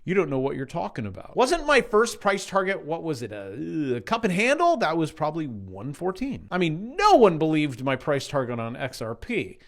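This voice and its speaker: Animated sarcastic man ranting about charts. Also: a little high, moderate pace, hardly any pauses. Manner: sarcastic, jumpy, mocking voices of doubters. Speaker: crypto trading vlogger. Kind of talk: casual rant and chart walkthrough.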